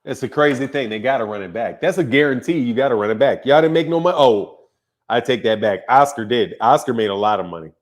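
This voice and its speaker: A man hosts a live boxing stream in an easygoing, chatty way. His voice sits at an ordinary middle pitch, and he laughs often and greets viewers by name as he talks. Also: lively intonation, fast. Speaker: boxing channel host.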